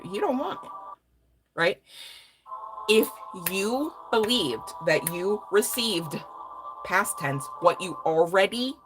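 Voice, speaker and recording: A woman's voice: on the low side, poor audio. Rambling woman tarot reader, music behind. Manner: rambling, profane, laughing asides. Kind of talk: casual live reading chat.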